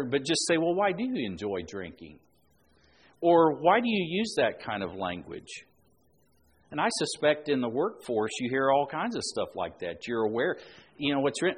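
Male preacher, husky mid-pitched voice, conversational sermon delivery with emphatic swells. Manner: conversational, rising emphatic when making points.

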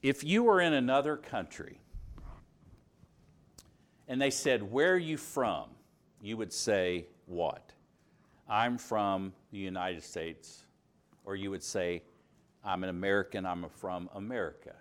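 A man with a Southern US accent preaching a sermon, stressing key words by rising, dropping and slowing down. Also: on the low side. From Alabama, US. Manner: emphatic, rises and drops for stress, slows on key words.

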